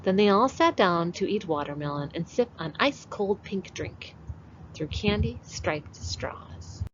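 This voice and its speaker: A kindergarten teacher, a woman, reading a picture book aloud to children and walking them through it in an expressive way. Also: mid-range voice, a little slow. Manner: expressive, animated read-aloud. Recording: dull lo-fi with faint hiss.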